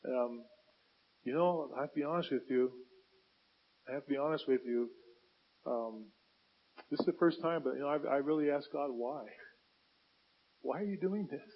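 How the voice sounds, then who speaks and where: Male pastor, sermon delivery, husky tone, slightly higher voice, muffled lo-fi recording. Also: moderate pace, long pauses. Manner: swings from loud pleading to quiet reflective asides.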